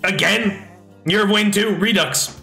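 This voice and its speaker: A young man streaming live, chatting excitably, reading chat aloud and swearing a lot, on a slightly echoey desk mic with faint music behind. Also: sits high, unhurried. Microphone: desk microphone.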